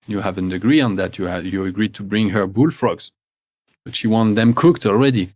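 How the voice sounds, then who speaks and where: Halting man narrating as game master. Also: fairly low pitch, a little mellow, dry recording. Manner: halting, full of fillers and restarts.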